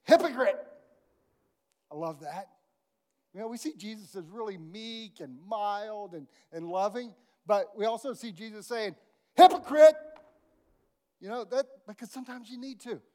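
A man preaching a sermon, telling a parable with animated storytelling and big swings of volume. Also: high voice, normal speed. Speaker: pastor.

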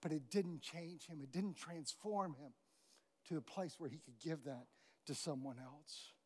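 A man with a high voice delivering a sermon. He tells stories in an animated way, swinging from loud bursts to near-quiet asides. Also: measured pace. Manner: animated storytelling, acting out characters with big swings of volume. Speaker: pastor.

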